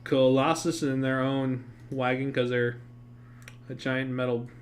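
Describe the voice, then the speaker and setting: A man's voice: medium pitch, level tone, a little slow. A man acting as game master who recaps and narrates a tabletop game on a stream in a casual, rambling way, swearing freely and correcting himself as he goes.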